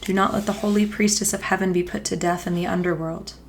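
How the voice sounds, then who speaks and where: A woman's voice: on the low side, steady tone, quick pace, slight background noise, close to an everyday voice. A woman voicing a loyal female servant who pleads in repeated appeals. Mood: pleading.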